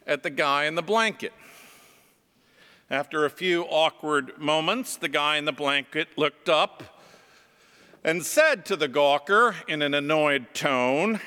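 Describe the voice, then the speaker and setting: A man, a pastor, preaching a sermon and telling stories in a slow, reflective way. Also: fairly high pitch, bright, forceful tone, smooth, big-room sound. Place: church.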